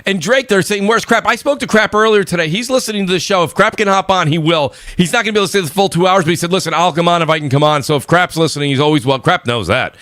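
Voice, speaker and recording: Loud fast-talking New York man. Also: sits high, no echo, studio quality. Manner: loud, hyped shout-outs. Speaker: podcast host. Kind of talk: live gaming podcast chat.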